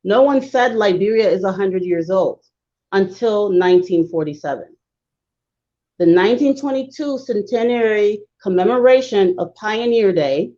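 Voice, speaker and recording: A woman speaking as a guest on a talk show, explaining history in an emphatic, lecturing way with fast bursts. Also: mid-range voice, mellow, muffled recording.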